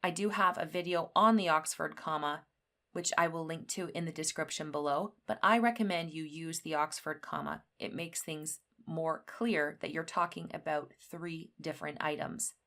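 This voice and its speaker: A woman teaching an English grammar lesson, explaining rules slowly and clearly and reading example sentences with lively emphasis. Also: sits low.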